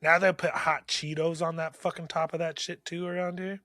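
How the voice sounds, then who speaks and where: A man's voice: fairly high pitch, level tone, fairly quick, pushed and bright, no echo, studio quality. A man co-hosting a casual podcast, trading joking, profane banter. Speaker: podcast co-host. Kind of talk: casual chat.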